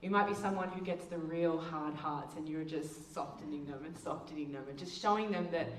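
A woman with a fairly low voice gives a slide talk, telling a story with lively, acted-out dialogue. She sounds a little away from the mic, in an echoey room, with faint ambience behind her. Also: a little fast, recorded from a distance, a little hiss or hum. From Australia. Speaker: missions speaker. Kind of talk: presentation with slides. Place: hall with presentation slides.

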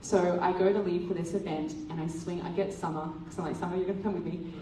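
A woman giving a testimony sermon at church, telling a lively story and acting out the dialogue. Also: fairly low pitch, quick pace, a little hiss or hum. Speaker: church speaker. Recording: roomy hall from a distant mic.

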